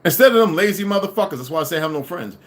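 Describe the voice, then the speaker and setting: Very fast and expressive, this middle-aged man's high-pitched voice drives an angry ranting monologue to his livestream audience. As host, he swears and hurls insults throughout.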